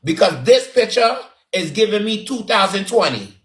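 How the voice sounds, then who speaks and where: Sassy high-voiced Barbadian man. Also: lively intonation, normal speed. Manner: sassy, dramatic, repetitive. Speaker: online commentator. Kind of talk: roasting commentary. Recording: roomy echo.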